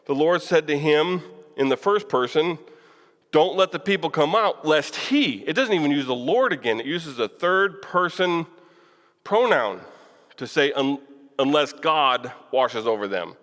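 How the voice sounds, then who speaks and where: A man's voice: on the high side, lively intonation, measured pace, a bit bright. A man preaching in a casual, conversational way, asking the room questions and chuckling now and then. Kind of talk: Bible class teaching. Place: church hall. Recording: long church reverb.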